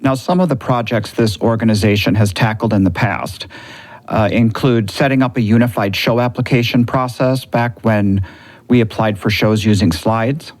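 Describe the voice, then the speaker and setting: A man's voice: on the low side, moderate pace, darkish tone. A man co-hosting a podcast, speaking earnestly as he promotes and asks questions. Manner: earnest, promotional when reading segments. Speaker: podcast co-host. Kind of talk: casual podcast talk and announcements.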